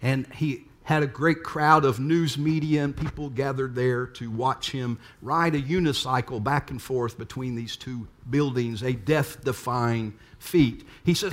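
A man's voice: medium pitch, moderate pace, hardly any pauses. A man preaching a sermon, full of rhetorical questions to the congregation. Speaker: pastor.

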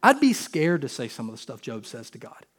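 A male pastor preaching a sermon earnestly, moving between loud urgent stretches and quiet, intimate ones. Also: medium pitch, huge pitch swings, a little fast, slightly rough.

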